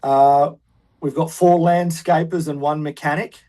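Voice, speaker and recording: A man's voice: a little high, steady tone, a little slow, warm tone, poor audio. Australian man, rambling guest answers. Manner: rambling, hesitant, many fillers and restarts. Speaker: guest musician. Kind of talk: interview answers.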